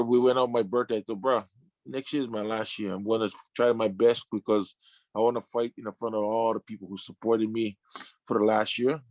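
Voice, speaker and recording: Emotional retired sumo wrestler, dry sound. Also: male voice, mid-range voice, no room sound. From Samoan family. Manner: emotional, repetitive restarts, casual slang. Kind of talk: candid interview storytelling.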